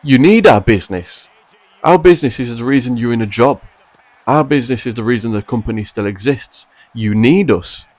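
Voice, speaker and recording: A man in an exasperated opinion rant, hammering his points with repetition and disbelief. His voice sits at an ordinary middle pitch. The recording is close and dry, with no room sound. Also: expressive, moderate pace, darkish tone, no room sound. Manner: frustrated, exasperated, emphatic. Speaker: wrestling commentary vlogger.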